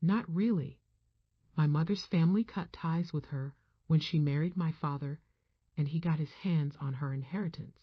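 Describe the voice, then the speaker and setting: A woman voicing a suave, wealthy half-Italian man who speaks calmly and dryly, in a husky, low voice. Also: moderate pace, no echo. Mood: sardonic. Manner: calm, dry, understated. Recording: dull, muffled dry sound.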